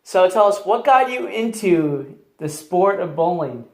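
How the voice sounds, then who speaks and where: A man's voice: high-pitched, lively intonation, measured pace, darkish tone, echoey room. A man hosting a casual interview, asking eager, encouraging questions. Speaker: host.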